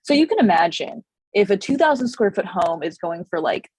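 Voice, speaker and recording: A woman realtor with a slightly hoarse voice and a Californian accent, chatting casually with many fillers and restarts. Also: medium pitch, big pitch swings, a little fast, a little mellow, no echo, rough recording. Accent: Californian English. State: slightly hoarse, losing her voice. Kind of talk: casual explainer video.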